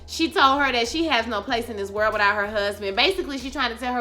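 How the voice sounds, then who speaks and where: Woman doing a chatty tv recap, bright and kinda high voice, slangy, acts out lines loud, faint music under it. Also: fast talker. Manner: animated, acts out characters' lines with loud outbursts; casual slangy speech, addresses viewers as y'all. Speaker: TV recap vlogger. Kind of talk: casual TV recap chat.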